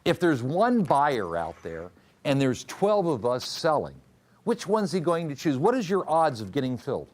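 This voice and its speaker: Here the trading instructor sounds on the high side, swinging widely in pitch as he talks at a moderate pace. In this classroom lecture he questions the class, drills responses, and keeps restating the essential rules.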